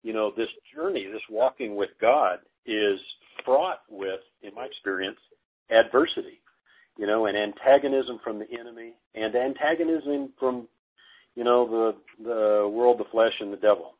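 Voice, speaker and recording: Halting man on a narrow phone line. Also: fairly low pitch. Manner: halting, many fillers and restarts. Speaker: guest. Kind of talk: casual storytelling interview.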